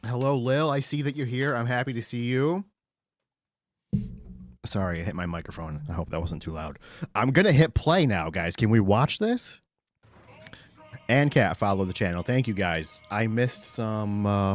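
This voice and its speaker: A man streaming live, chatting casually and excitably with his chat, swearing often and greeting viewers by name. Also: lowish voice, moderate pace, dry recording.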